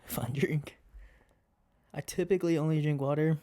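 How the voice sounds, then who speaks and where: A man's voice: fairly high pitch, moderate pace. A laid-back young man, a college student, chatting casually as a podcast guest. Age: young adult. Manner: laid-back, relaxed storytelling. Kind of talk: casual chat.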